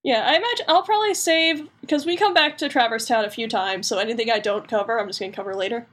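A young woman co-hosting a casual podcast, chatty and quick to laugh. Her voice sits somewhat higher than most women's. She tells her recaps in a loose, playful way. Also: fairly bright tone. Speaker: podcast co-host. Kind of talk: casual chat.

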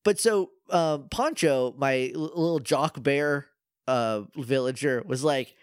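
A man co-hosting a podcast in casual chat, animated and laughing as he tells game stories. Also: mid-range voice, slow pace, clear, resonant tone, no echo, clean studio sound. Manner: animated, laughing, quotes game characters in little voices. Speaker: podcast co-host.

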